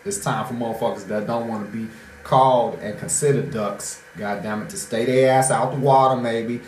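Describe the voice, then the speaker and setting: A man's voice: medium pitch, steady tone, normal speed, a little hiss or hum. A man hosting a podcast, talking in a loose, rambling monologue full of swearing. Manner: profane, loose and conversational. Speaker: podcast host. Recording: roomy echo.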